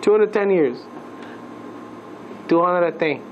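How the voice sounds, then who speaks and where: A man teaching a class as a rabbi, lively and playful, asking the listeners questions and mixing Hebrew terms into his lesson. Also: sits high, slow pace, muffled recording, slight background noise.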